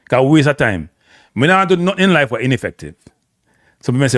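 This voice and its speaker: A Jamaican man hosts a casual live stream, giving blunt, opinionated commentary, very animated and rapid-fire, his pitch jumping as he gets worked up. He swings between thick patois and standard English. The sound is close and dry, with hardly any room around it.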